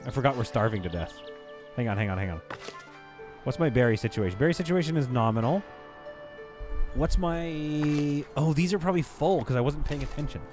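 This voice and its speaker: A man streaming a city-building game, thinking out loud in a rambling, self-deprecating, casual way. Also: medium pitch, a little fast, long pauses, over music. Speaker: gaming streamer. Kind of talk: casual live game commentary.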